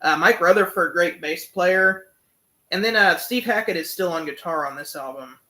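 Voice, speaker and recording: A young man reviews an album casually and enthusiastically, filling his talk with fillers and humming and singing along to the songs. His voice is high-pitched, bright and forceful, at a normal speed.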